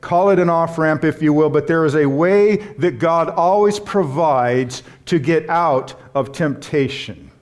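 A man delivers a sermon in a slightly high voice, hammering home key words and pausing for emphasis. He mixes earnest preaching with light humorous asides. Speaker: pastor.

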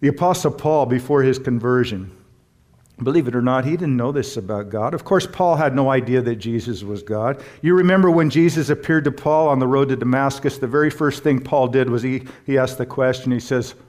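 A man's voice: mid-range voice, brisk, a little mellow. Earnest, emphatic male preacher. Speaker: pastor and Bible teacher. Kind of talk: sermon.

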